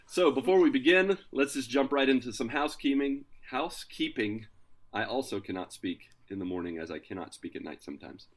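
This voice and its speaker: A man hosting a casual podcast, introducing his co-hosts with energetic, playful hype. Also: medium pitch, a little fast. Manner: energetic, hyped, playful announcer delivery. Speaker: podcast host.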